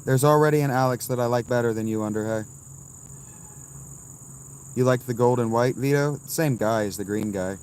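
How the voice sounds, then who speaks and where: A man in his thirties, live streaming from a campsite and answering his chat with blunt, dismissive, quick replies. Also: medium pitch, darkish tone, slight background noise. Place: outdoors at a campsite.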